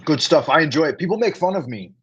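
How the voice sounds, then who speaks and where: A man's voice: on the high side, expressive, quick pace, fairly bright tone, lo-fi sound, a little hiss or hum. A man hosting a casual livestream food review, talking to his viewers in a playful, chatty way with rhyming patter and asides. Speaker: livestream host. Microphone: livestream setup.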